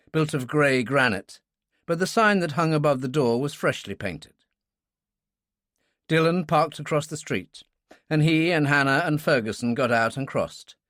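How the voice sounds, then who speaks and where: A male audiobook narrator reading a thriller in an expressive way, his pitch moving a lot through each sentence. The recording is dry and close, with no room sound. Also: no echo. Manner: expressive, voices many characters.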